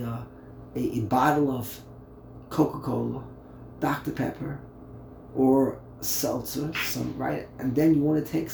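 A man's voice: medium pitch, gravelly, mellow, roomy sound, a little hiss or hum. A man, a rabbi, teaching a Torah class in a conversational way, asking his listeners rhetorical questions and often repeating words.

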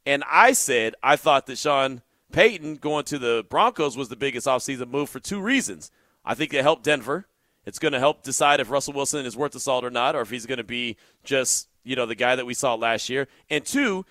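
A man hosting a solo sports podcast, telling a story animatedly and growing loud and incredulous at times. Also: mid-range voice, expressive, normal speed, dry recording.

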